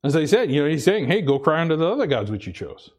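Earnest preaching man, slightly high voice. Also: very animated, fast, slightly rough. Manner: earnest preaching with frequent repetitions and restarts. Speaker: pastor. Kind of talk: sermon.

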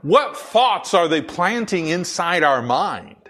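Very animated yet slow, a middle-aged pastor with a deep, full radio voice that's a bit bright preaches conversationally. His sermon is packed with fillers and restarts.

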